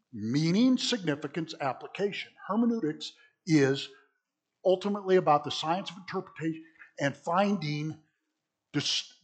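A man's voice: on the high side, breathy edge. A man preaching in an interactive Bible class, talking conversationally, asking the audience questions and often restarting his sentences. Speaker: preacher teaching a church class.

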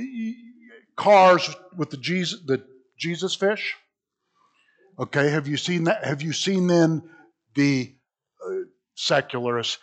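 A man teaching an informal Bible class, chatty and self-mocking, who laughs at his own jokes and reads scripture aloud. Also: on the high side.

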